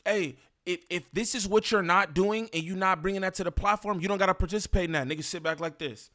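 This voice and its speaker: A man's voice: high voice, a little fast, few pauses, fairly bright tone. A man giving casual reaction commentary, slangy and repetitive as he talks. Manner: casual, slangy, repeats himself.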